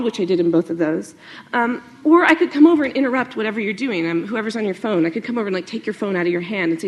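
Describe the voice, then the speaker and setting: A woman journalist giving a lively talk to an audience, animated, with many fillers and asides. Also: mid-range voice, quick pace, slight background noise.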